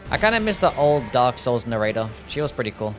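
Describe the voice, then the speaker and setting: A man's voice: mid-range voice, big pitch swings, fast, music in the background. A young man chatting casually while streaming a game, answering chat questions and swearing now and then. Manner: laid-back, swears, reads chat. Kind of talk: casual gameplay commentary.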